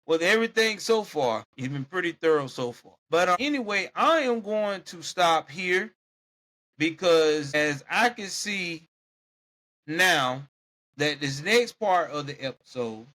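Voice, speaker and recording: A man's voice: on the high side, expressive, measured pace, sharp tone. A man hosting a podcast, telling a true-crime story casually and animatedly, with exclamations and laughter. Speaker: podcast host.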